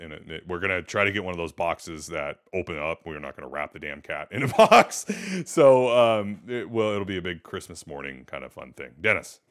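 A man in his thirties hosting a casual podcast chat. He tells animated stories and laughs often. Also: deep voice, clear, resonant tone. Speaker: podcast host.

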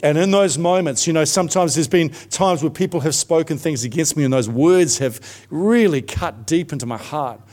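A man's voice: on the high side, moderate pace, few pauses, a little mellow. A middle-aged man preaching a sermon, telling his own story in a conversational way with frequent fillers.

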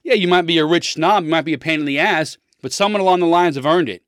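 A man's voice: fairly high pitch, fast, fairly bright tone, smooth, no room sound, studio quality. A man in his thirties talking politics in a blunt, opinionated, rambling monologue, full of restarts.

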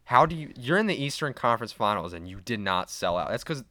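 A man's voice: medium pitch, big pitch swings, quick pace, sharp tone, dry recording, studio quality. A young man co-hosting a sports podcast, giving blunt, opinionated takes in casual chat. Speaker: podcast co-host.

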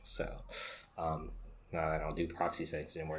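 Low-voiced man asking probing questions. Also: completely flat delivery, normal speed, a crowd in the background. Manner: asks questions, repeats words while thinking. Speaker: podcast co-host. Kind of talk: casual tech chat.

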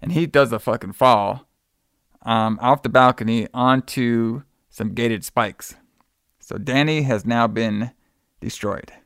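Gravelly dude going over a movie plot, swears a lot, dry close sound. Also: male voice, medium pitch, a bit bright, no room sound. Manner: rambling, profane, acts out characters in quick quotes. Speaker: podcast co-host. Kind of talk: casual movie recap chat.

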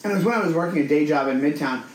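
A man co-hosting a casual podcast, telling a long story in an animated way and acting out the voices of the people in it. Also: fairly high pitch, racing. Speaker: podcast co-host. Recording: echoey room with faint noise.

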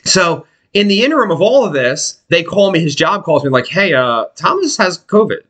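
A man's voice: high voice, moderate pace. A man telling a long personal story in casual chat, swearing freely and acting out what people said. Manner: animated, profane, acts out quotes.

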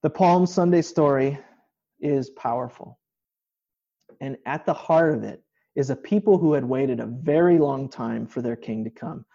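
A man's voice: medium pitch, a little slow, vocal fry, mellow, lo-fi sound. A male pastor giving an informal online sermon from a home kitchen, explaining scripture in a conversational way.

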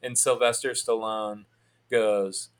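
A man telling a long story in a casual chat, in a fairly monotone, rambling way with many restarts. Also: fairly low pitch, slow.

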